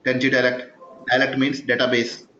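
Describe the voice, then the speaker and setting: A programming instructor runs a live coding lecture, forever checking in with students through yes-or-no questions and quizzing them with "yes or no?" His medium-pitched voice is completely flat, pushed and bright, at a moderate pace. The class recording is echoey and dull, with slight background noise.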